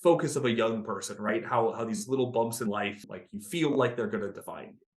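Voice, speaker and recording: A man in his thirties, a podcast guest telling his story in an interview, animated and acting out the people he quotes. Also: medium pitch, fairly quick. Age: 30s. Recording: roomy echo.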